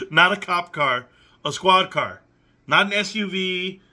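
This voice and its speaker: Sarcastic man with a sharp, bright voice. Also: high-pitched, slow pace. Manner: sarcastic, incredulous, questioning. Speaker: commentary channel host. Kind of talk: reaction commentary reading messages aloud.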